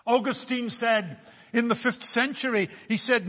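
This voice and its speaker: A man delivering a sermon in a slow, measured cadence, his voice pitched high and bright. Each phrase lands with solemn weight, and a long reverb trails behind him as if he fills a large hall. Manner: slow, deliberate preaching with solemn emphasis. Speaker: preacher.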